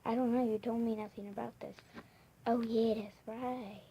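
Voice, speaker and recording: A woman's voice: fairly high pitch, steady tone, normal speed, muffled recording, slight background noise. A young girl vlogging a playful crafts video, giggly and rambling, often dropping into whispered asides.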